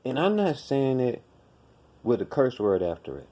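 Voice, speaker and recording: A man's voice: mid-range voice, sing-song, moderate pace, dark tone. A man hosting a podcast, ranting in blunt, profane commentary and hammering his points with repetition. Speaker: podcast host.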